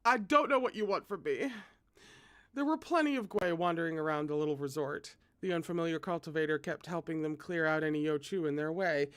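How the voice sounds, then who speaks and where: A host reads a novel aloud with expressive delivery and drops in chatty asides. The voice sits at a middling pitch and sounds close and dry. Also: brisk, clear, resonant tone, no echo. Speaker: read-aloud reader.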